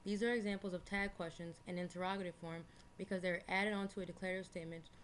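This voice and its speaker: Young woman reading her class notes, lowish voice, kinda careful, little hiss. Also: fairly even intonation, fast talker. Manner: reads from notes, plain and careful. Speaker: student presenter. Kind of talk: scripted school presentation.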